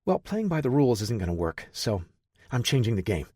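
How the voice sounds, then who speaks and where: A man's voice: medium pitch, very animated, fairly quick, darkish tone, breathy edge, dry recording, studio quality. A man voicing an earnest, driven young male programmer in an audiobook, talking with urgency. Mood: urgent.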